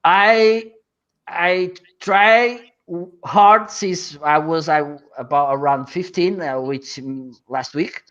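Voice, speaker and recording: A man from northern Portugal speaks English with his Portuguese accent. He explains at an easy pace and pauses on frequent fillers. The sound is dull and lo-fi. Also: high voice, fairly bright tone. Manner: hesitant, explaining with many fillers. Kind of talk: casual chat.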